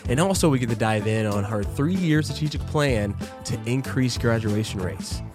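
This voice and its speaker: A man's voice: mid-range voice, animated, moderate pace, music in the background. A man co-hosting a podcast interview, talking in an enthusiastic, chatty way. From Texas. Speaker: podcast co-host.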